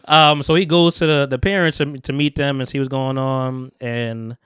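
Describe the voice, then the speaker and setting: A man's voice: medium pitch, fairly even intonation, moderate pace, a bit bright, smooth, dry recording, clean studio sound. A man hosting a podcast, casually recapping a movie in a loose, profane way, laughing often and acting out the characters' lines. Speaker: podcast host. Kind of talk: casual chat recapping a film.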